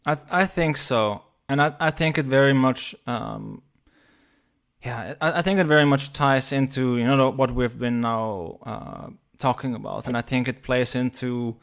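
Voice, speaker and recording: A man joining a casual round-table talk, speaking haltingly and feeling his way through his ideas. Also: mid-range voice, animated, creaky, a bit bright. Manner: halting, many fillers and restarts.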